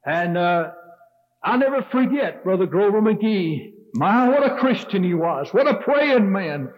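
Older man, Baptist preacher, high fervent revival delivery, muffled lo-fi church recording. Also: sing-song, unhurried. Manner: fervent, rising and falling preaching cadence. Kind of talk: revival sermon. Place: church sanctuary. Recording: dull lo-fi sermon tape.

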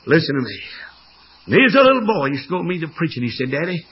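An older man preaching a fervent storytelling sermon, with a raspy voice. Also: fairly high pitch, very animated, rapid-fire, highs cut off.

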